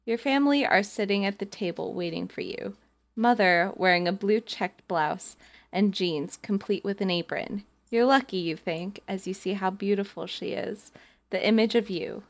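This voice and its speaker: A woman's voice: mid-range voice, moderate pace. A young woman hosting a podcast, reading an interactive story aloud and breaking off to joke with her friends. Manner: giggly, reads narration then jokes between passages. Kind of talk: casual reading aloud with banter.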